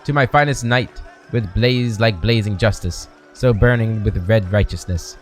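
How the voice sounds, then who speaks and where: A man voicing a vain, quick-tempered male duke who declaims indignantly. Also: on the low side, faint music behind, lightly acted.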